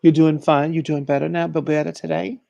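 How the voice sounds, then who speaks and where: A man's voice: a little high, flat delivery, fairly quick, gravelly, a little mellow, no room sound. A man hosting a casual livestream, chatting and teaching, greeting viewers by name and calling everyone honey. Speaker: livestream host and conjure teacher.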